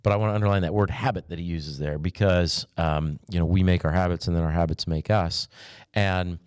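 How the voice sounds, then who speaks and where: A man speaking as a pastor, teaching in a relaxed, chatty way with light humor and scripture quotes. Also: sits low, brisk, clean tone, no room sound, studio quality.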